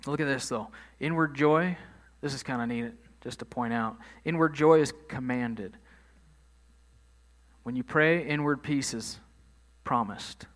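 A man's voice: medium pitch, unhurried. Male pastor, casual sermon, mid-range voice, stresses key words. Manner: conversational preaching, rising emphasis on key phrases.

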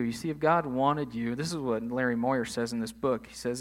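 A man's voice: mid-range voice, steady tone, normal speed, few pauses. A man preaching a sermon in a conversational way, leaning hard on key phrases. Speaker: pastor.

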